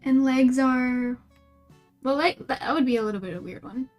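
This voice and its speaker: A woman's voice: high voice, normal speed, darkish tone, soft background music. A young woman streaming live as she draws, chatting casually in a rambling, giggly, self-mocking way. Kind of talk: casual livestream chat while drawing.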